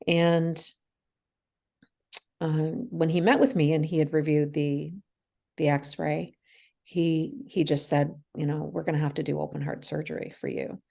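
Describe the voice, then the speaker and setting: A woman in her forties speaks in a low, gravelly voice, telling a personal story as an interview guest. She is candid, acts out the dialogue, and laughs through the hard parts. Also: flat delivery, unhurried, warm tone. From Canada.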